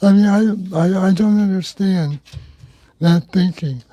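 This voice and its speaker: A man's voice: high voice, measured pace, warm tone, no echo. A man hosting a local talk radio show, reading news items in a conversational, wry way.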